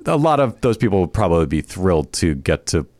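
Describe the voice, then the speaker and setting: Deep, fast-talking male co-host. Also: very animated, a little mellow, dry recording, studio quality. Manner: brief, supportive interjections. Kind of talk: casual comedy podcast chat.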